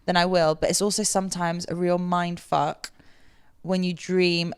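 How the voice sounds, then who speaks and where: A young English woman hosting a podcast, chatty and quick to laugh. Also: fairly low pitch, flat delivery, clear, resonant tone. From England. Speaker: podcast host. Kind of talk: casual chat.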